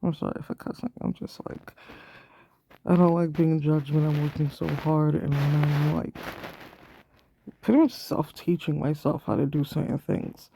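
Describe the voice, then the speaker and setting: Gravelly, swearing self-taught artist. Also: mid-range voice, normal speed, noisy background. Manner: ranting, defensive, swears often. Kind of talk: casual talk while drawing.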